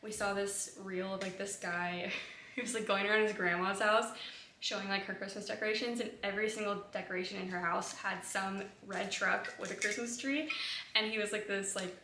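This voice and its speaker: Young female vlogger, casual gushing haul chat, mid pitch, roomy noisy home recording. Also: steady tone, normal speed, sharp tone. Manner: chatty, gushing, lots of "like". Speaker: lifestyle vlogger. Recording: echoey room with noticeable noise.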